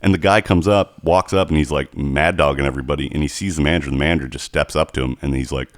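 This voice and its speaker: A man co-hosting a casual podcast, telling animated stories with plenty of swearing. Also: a bass voice, fast talker, dry recording, clean studio sound. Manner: animated storytelling, heavy swearing. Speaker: podcast co-host.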